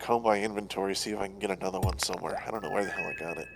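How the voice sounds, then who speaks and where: A man streaming a game, giving casual, animated commentary, joking and swearing lightly. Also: sits low, racing, creaky, music in the background. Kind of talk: gameplay commentary, reading dialogue aloud.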